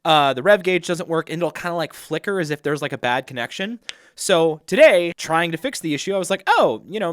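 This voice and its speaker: A man vlogging, telling a story casually, animated and self-deprecating. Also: a little high, no room sound, studio quality.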